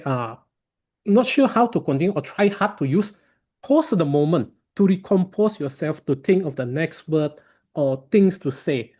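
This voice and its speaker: A man chairing an online speaking club meeting, polite and halting, with non-native phrasing, over a video call. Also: a little high, mellow.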